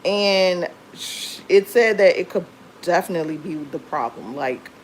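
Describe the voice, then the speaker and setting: Woman livestreamer, lower pitch, rambling casual storyteller, faint hiss behind. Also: unhurried, poor audio. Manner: chatty, rambling storytelling with many fillers. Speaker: livestream host. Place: home.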